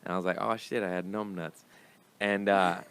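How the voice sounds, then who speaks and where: A young man with a deep, smooth voice tells a rambling, profane story in a loose podcast chat. He talks in casual stops and starts, with a comedian's easy delivery. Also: steady tone, moderate pace, fairly bright tone. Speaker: comedian guest.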